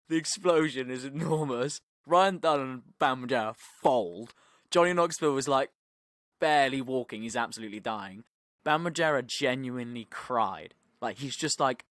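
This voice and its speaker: Young male podcaster, lively storyteller, dry close mic. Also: mid-range voice, no echo. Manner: animated storytelling, acting out quotes, swearing, many "like" fillers. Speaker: podcast co-host. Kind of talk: casual podcast chat.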